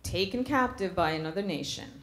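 A woman's voice: on the low side, lively intonation, fairly quick, roomy sound. A middle-aged woman preaching a sermon in a church, earnest, asking the congregation questions.

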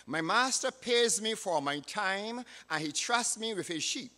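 A man's voice: high voice, expressive, a little slow, pushed and bright, voice pushed up, exaggerated voice. A man voicing an earnest young shepherd boy. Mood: firm, earnest. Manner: earnest, polite and steadfast. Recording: reverberant hall.

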